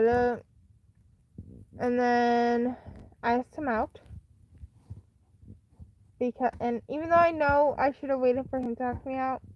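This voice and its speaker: Rambling woman with a slightly high voice. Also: dull audio, a little hiss or hum. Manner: rambling, lots of fillers and restarts; chatty and candid. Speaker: live-stream host. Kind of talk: casual live-stream storytime.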